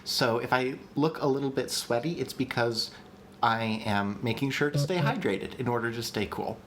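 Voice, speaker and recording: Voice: mid-range voice, moderate pace, slight background noise. Chatty, eager livestream language teacher. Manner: chatty and enthusiastic, with frequent ums and restarts. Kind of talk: casual livestream lesson.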